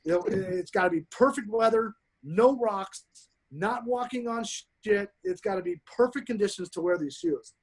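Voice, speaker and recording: Podcast guest, male, a touch high-pitched, gushing profane storyteller. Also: normal speed, slightly rough. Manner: swears constantly, excited and emphatic. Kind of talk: casual storytelling chat.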